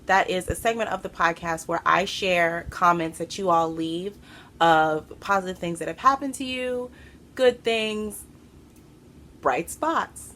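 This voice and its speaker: A woman hosts her craft podcast from home, talking to the camera in a chatty, excitable way with plenty of fillers. She sounds a little out of breath, and her voice sits fairly low. A faint hum of noise runs behind her. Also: a little slow. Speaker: podcast host. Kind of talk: casual chat to camera. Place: home room.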